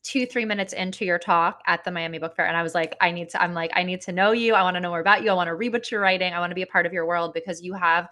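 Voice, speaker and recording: A woman's voice: lowish voice, fairly even intonation, very fast, few pauses, bright, forceful tone. A woman writer being interviewed, chatty and reflective, peppering her speech with "like" and acting out her own thoughts. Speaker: guest, writer and tarot reader. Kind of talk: conversational interview answers.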